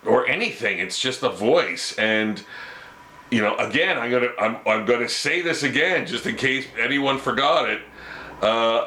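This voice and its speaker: A man's voice: mid-range voice, sharp tone, reverberant. A Canadian man ranting his opinions to camera, rambling and stammering through restarts. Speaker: vlogger.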